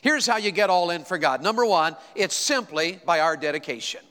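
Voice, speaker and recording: A man's voice: sits high, lively intonation, brisk, sharp tone, big-room sound. A man preaching a sermon, telling stories and calling out to the congregation. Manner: storytelling, addresses congregation directly. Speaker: pastor.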